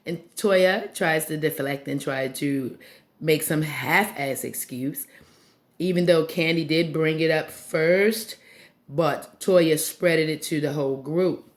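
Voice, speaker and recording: A woman giving a casual, profane recap of a reality show, blunt and animated, often mimicking the cast members. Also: low voice, slow pace.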